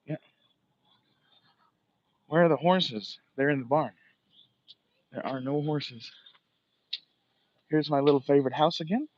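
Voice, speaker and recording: A man's voice: a little high, unhurried, long pauses, darkish tone, lo-fi sound, slight background noise. Rambling, profane man chatting outdoors. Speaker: livestream host. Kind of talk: casual walking livestream chat. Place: outdoors, walking a residential street.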